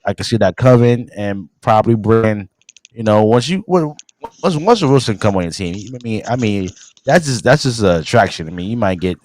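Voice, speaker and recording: Man, podcast co-host, low voice, dry sound, rambling casual sports talk. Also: lively intonation, brisk, a little mellow, no room sound. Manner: laid-back, rambling with fillers and repeats.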